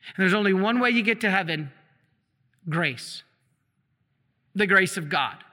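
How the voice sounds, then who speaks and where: A man preaching a sermon as a priest, asking the congregation questions and answering them himself, slowing and dropping low for emphasis. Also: expressive, pushed and bright. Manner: slows down and drops low for emphasis. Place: church. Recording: long echo of a church hall.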